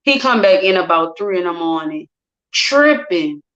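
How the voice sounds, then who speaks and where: A woman's voice: lowish voice, a little slow. A woman telling a personal story with emotion, acting out what people said in shifting voices. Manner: animated, acts out quotes in different voices. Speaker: guest sharing her story. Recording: dull lo-fi recording.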